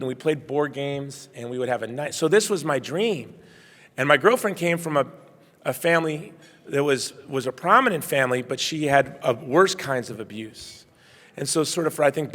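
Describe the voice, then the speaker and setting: A middle-aged man giving a keynote speech, telling a personal story in earnest and moving between quiet and loud passages. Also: on the high side. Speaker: keynote speaker. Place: banquet hall. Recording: reverberant hall.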